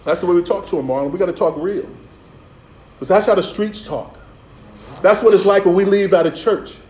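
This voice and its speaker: A man's voice: sits high, a little fast, mellow, reverberant, rough recording. A man preaching a sermon as pastor, streetwise and playful, with asides and acted-out voices. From Philadelphia.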